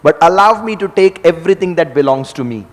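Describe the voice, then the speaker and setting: Man voicing a devoted goddess wife, calm, affectionate, firm, long hall echo. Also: on the high side, brisk, close to an everyday voice.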